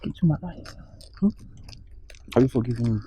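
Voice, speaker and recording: A man's voice: mid-range voice, a little fast, mellow, a little hiss or hum, lightly acted, poor audio. A man playing a desperate young boyfriend who begs his girlfriend for another chance, with a Ghanaian accent. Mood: pleading. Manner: pleading, repeats her name.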